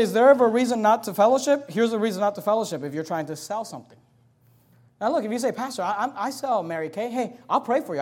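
A man preaching as a pastor, forceful and direct, reading scripture loudly and slowly, then rushing through quick asides to the congregation. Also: extremely high pitch. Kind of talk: sermon.

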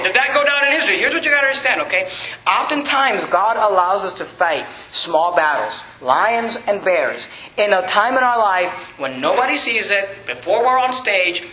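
A young man preaching a sermon as pastor, emphatic and animated, often stumbling over repeated words. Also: high voice. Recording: echoey room with faint noise.

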